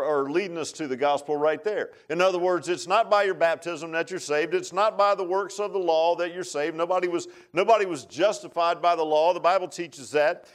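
A middle-aged pastor delivers a sermon in a homey, meandering manner, stopping on "uh" and restarting his phrases. His voice sits a touch higher than most men's. He sounds like he is talking plainly to his congregation. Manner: folksy, rambling, full of fillers and restarts.

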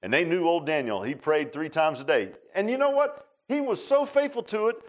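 Man, preacher, folksy sermon, somewhat high voice, loud exclaims and low asides. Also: sing-song, normal speed.

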